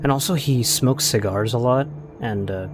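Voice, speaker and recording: A man's voice: mid-range voice, moderate pace, noisy background. A man co-host chatting casually and explaining game choices plainly. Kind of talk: casual chat.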